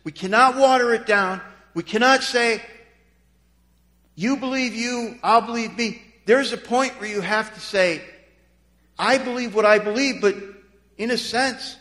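A male pastor preaching a sermon, swinging from quiet, low passages to loud, emphatic declarations. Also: measured pace, long pauses. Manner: emphatic preaching, voice dropping soft then rising loud. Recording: long hall reverb.

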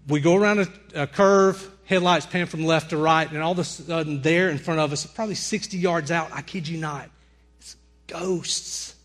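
A young man with a Southern drawl delivers a sermon in a storyteller's way. His voice sits fairly high, and he acts out every line of the tale with full energy. He turns the story into a lesson for his congregation. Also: moderate pace. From Alabama. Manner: animated storyteller, acts out screams and dialogue. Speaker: preacher.

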